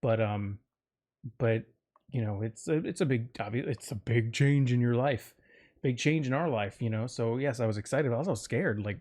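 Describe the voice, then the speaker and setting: A man from Florida, United States, hosts a solo podcast, speaking at a normal speed in a medium-pitched, slightly mellow voice. He rambles through a personal story, often breaking off, using fillers, and joking.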